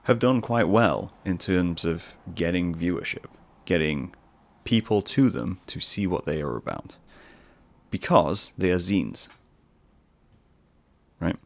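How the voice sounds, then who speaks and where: A man's voice: low voice, animated, takes it slowly, creaky, no room sound. A man hosting his own podcast, talking casually on his own in a rambling, musing way with self-mocking asides. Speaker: podcast host. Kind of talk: casual solo podcast monologue.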